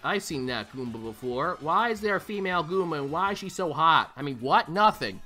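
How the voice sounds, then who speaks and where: A man's voice: a little high, animated, a little fast, few pauses, pushed and bright, faint music behind. A man giving sarcastic, profane let's play commentary as he plays a game. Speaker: gaming channel host.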